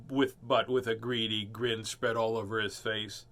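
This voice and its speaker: A man's voice: lowish voice, steady tone, measured pace, hardly any pauses, a bit bright. A man casually chatting and reading a picture book aloud, breaking into dramatic lines for the characters. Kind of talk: storybook read-aloud with chat.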